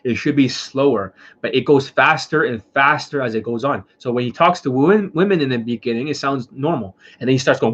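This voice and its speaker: A dating coach lectures his audience in a blunt, profane rant and hammers the same points over and over. His voice is a little husky and sits at an ordinary pitch for a man. The stream sounds muffled and lo-fi. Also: fairly quick, few pauses, fairly bright tone. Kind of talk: casual livestream rant.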